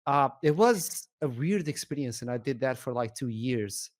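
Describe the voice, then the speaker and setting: Animated Portuguese-accented man telling a story. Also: medium pitch, moderate pace. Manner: animated, acts out dialogue, laughs often. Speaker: esports shoutcaster, podcast guest. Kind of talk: storytelling in a podcast interview.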